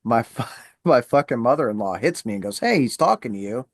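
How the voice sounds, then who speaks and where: Animated male podcast host telling a story over a dry, close mic, with a mid-range voice. He swears freely, acts out the people he quotes, and keeps the talk casual and loose. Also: mid-range voice, fairly quick, vocal fry, dry recording.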